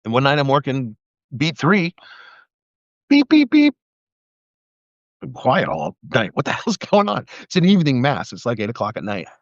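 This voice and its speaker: A middle-aged man and former police officer rambles through stories on his live stream, swearing freely as he goes. His voice sits at an ordinary pitch for a man. The audio is dull and lo-fi, in a dry, deadened room. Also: sing-song, a little fast, no room sound. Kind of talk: casual live-stream monologue.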